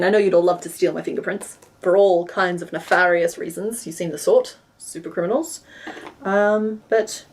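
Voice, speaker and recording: A woman's voice: medium pitch, a little mellow. Young woman, West Australian accent; casual, self-deprecating live-stream chat while crafting. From Western Australia. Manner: chatty and self-deprecating, narrating her hands-on work. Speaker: crochet streamer.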